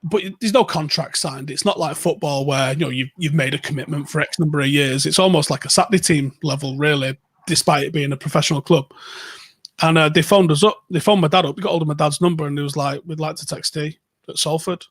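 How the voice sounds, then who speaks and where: A man, co-hosting a podcast and telling sporting stories in a casual, swearing, animated way. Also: fairly high pitch, fast, slightly rough, dry recording. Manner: swearing, animated anecdotes with quoted voices. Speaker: podcast co-host. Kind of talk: casual storytelling chat.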